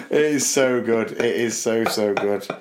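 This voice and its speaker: A man co-hosting a casual podcast, an animated storyteller who laughs often and acts out quoted lines. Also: on the low side, a little slow. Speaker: podcast co-host. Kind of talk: casual chat.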